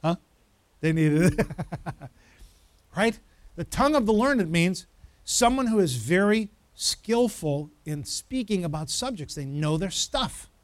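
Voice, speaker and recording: Pastor, male, high voice, dry sound; quizzes the room, then hammers points home with repetition. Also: lively intonation, a little slow, long pauses, dry recording. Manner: asks the congregation questions, builds to emphatic repetition. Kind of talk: interactive sermon.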